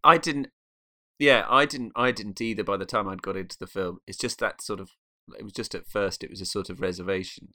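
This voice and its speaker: A man's voice: on the low side, fairly even intonation, brisk, bright, forceful tone. A man talking about a film, hesitant, with many restarts. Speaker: film reviewer. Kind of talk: casual film discussion.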